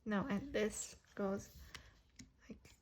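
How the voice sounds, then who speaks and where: A woman's voice: mid-range voice, flat delivery, very slow, slight background noise. A woman giving a casual tarot reading to viewers, chatty, laughing often and correcting herself as she goes. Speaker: tarot reader.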